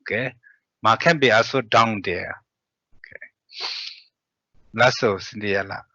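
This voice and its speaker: A man teaching a language lesson, reading syllables slowly with hesitant fillers. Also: fairly low pitch, pushed and bright, dry recording. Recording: dull lo-fi audio.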